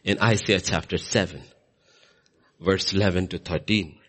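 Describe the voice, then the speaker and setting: A man's voice: normal speed, breathy edge. A man preaching a sermon in a church, acting out scripture quotes with big swings in emphasis. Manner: animated, swinging pitch and loudness for emphasis.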